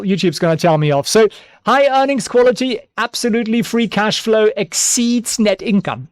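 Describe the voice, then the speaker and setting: A man hosting an investing channel, giving casual stock analysis with excitable, joking asides and frequent repeats. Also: high-pitched, clear, resonant tone, no room sound.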